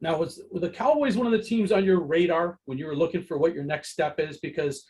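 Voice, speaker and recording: A man's voice: fairly high pitch, brisk, a little mellow. A male host asking a guest long, rambling questions. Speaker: podcast host. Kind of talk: interview questions.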